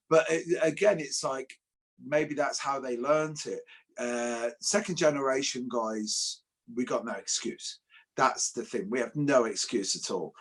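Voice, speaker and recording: A man's voice: medium pitch, a little slow, breathy edge. An Englishman co-hosting a casual panel chat, wry and jokey, stammering when he restarts. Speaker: co-host.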